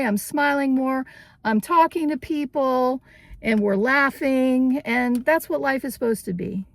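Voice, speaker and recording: A woman's voice: high-pitched, creaky, no room sound. A woman hosting a casual vintage-shopping vlog, chatty and cheerful, often laughing as she talks. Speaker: vintage vlogger.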